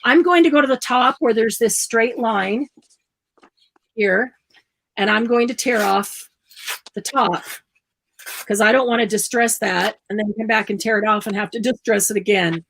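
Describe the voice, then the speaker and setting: Chatty high-voiced woman craft host. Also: normal speed, vocal fry, long pauses, a bit bright, a little hiss or hum, low-quality recording. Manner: chatty, laughs often, explains steps aloud. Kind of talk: live craft tutorial chat.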